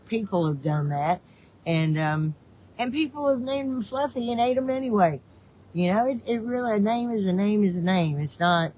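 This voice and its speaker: Folksy woman, mellow voice. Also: lowish voice, slight background noise, low-quality recording. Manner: rambling, folksy, chuckles often. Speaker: livestream host reading viewer comments. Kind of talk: casual live-stream chat.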